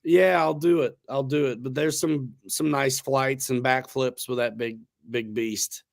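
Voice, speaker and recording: A man's voice: mid-range voice, steady tone, measured pace, gravelly. Man, livestream host, laid-back, slangy, rambling, casual chat.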